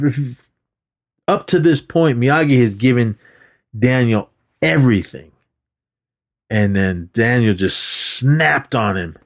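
A man casually recapping a movie on a podcast, rambling and acting out the characters' lines. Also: lowish voice. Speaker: podcast co-host.

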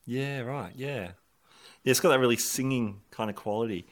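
A man's voice: mid-range voice, normal speed. Enthusiastic male interviewer. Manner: enthusiastic, short affirmations. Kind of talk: conversational interview.

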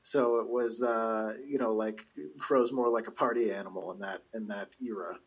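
A man co-hosting a casual chat, calmly explaining details and trivia. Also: on the low side, moderate pace, breathy edge, muffled recording.

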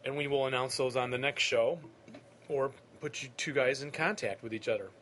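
A man hosts a podcast in a relaxed, chatty way, trading dry jokes and gentle teasing with his co-hosts. His voice sits at an ordinary middle pitch for a man, and a faint hiss lies under the recording. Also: fairly quick. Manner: joking, teasing, dry humor. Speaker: podcast host. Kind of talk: casual podcast banter.

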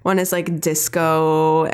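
A woman's voice: low voice, slow, smooth. A young woman chatting casually, retelling a cartoon episode with constant "like" fillers. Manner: heavy use of "like" fillers, chatty and animated.

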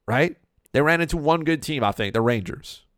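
A man's voice: a little high, lively intonation, normal speed, fairly bright tone, clear, resonant tone, no room sound, studio quality. A man giving an opinionated hockey talk monologue, emphatic and repetitive, firing off rhetorical questions. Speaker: hockey commentator.

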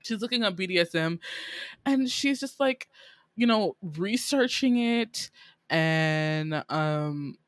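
A woman casually recapping a drama episode, animated and laughing as she acts out the characters' lines. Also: lowish voice, slow pace, dry recording. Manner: animated storytelling, laughing often, acting out lines. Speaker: podcast co-host recapping a drama. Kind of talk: casual chat.

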